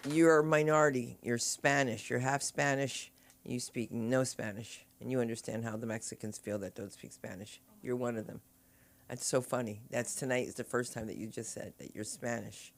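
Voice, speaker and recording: A woman's voice: rumbling low, fairly even intonation, moderate pace, vocal fry. A woman hosting an open mic, bantering playfully with comics, giving notes and slipping into Spanish. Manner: playful teasing, mixes in Spanish. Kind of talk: comedy club banter. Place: comedy club open mic.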